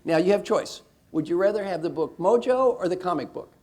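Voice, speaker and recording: A man with a fairly high but mellow voice coaches a room full of people in a lively workshop. He is animated and playful, swinging from low, confiding remarks to loud calls that rally the crowd. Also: a little fast. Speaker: executive coach leading a workshop. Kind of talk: lively workshop talk to a live audience.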